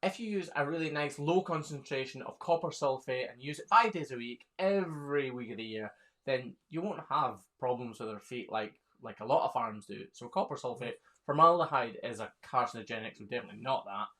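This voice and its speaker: A man's voice: medium pitch, animated, a little fast, bright, forceful tone. Chatty man in his thirties. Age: 30s. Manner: chatty, laughs often, reads comments aloud. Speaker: hoof trimmer hosting a live Q&A. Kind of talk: casual live-stream chat reading viewer questions.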